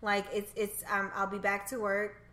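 Bright-voiced chatty woman. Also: medium pitch, completely flat delivery, normal speed. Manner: chatty, laughs easily, trails off with fillers. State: new mother. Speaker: podcast co-host. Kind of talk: casual chat.

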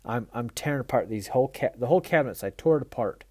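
A man's voice: medium pitch, expressive, fast, dark tone, slightly rough, dry recording, clean studio sound. A man who hosts a mule training tips show, telling a folksy, self-mocking story with frequent laughter and then turning it into a riding lesson.

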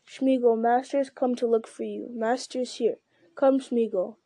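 A woman's voice: a little high, fairly even intonation, unhurried, mellow, no echo. A woman reading an audiobook, voicing an earnest young male hobbit who speaks with urgent coaxing. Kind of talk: audiobook narration.

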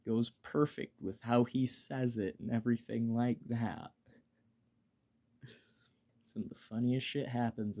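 A man hosting a casual solo podcast while high, rambling in a laid-back way, swearing freely and stammering through restarts. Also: dark tone, dull audio. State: high on weed. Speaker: podcast host.

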